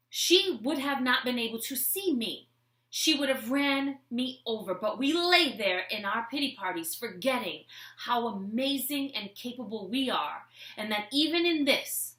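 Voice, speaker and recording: A woman vlogger telling a comic personal story with a life lesson, animated and expressive as she acts out scenes. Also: a little high. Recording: echoey room.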